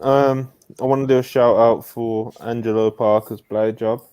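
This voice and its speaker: A man's voice: mid-range voice, steady tone, normal speed, dark tone, clean tone, no room sound. A man co-hosting a podcast in laid-back casual chat, full of slang and swearing. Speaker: podcast co-host.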